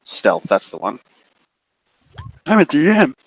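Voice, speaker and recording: A man running a tabletop game as game master, describing scenes in an unhurried, hesitant way with many fillers. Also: fairly high pitch, huge pitch swings, vocal fry, slightly rough, poor audio.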